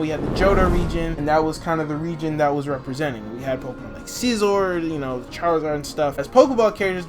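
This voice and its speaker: A man's voice: on the high side, a bit bright. A man hosting a casual gaming commentary video, rambling and joking in slangy speech. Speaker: video host.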